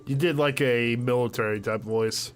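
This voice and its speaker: A man co-playing a game on a let's play, chatting and reacting quickly to the story. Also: medium pitch, fairly even intonation. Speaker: co-player. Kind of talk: casual gameplay commentary.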